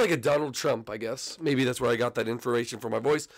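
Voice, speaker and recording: A man's voice: medium pitch, quick pace. A young man hosting a casual behind-the-scenes video, rambling and self-deprecating, his voice strained. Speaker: channel host.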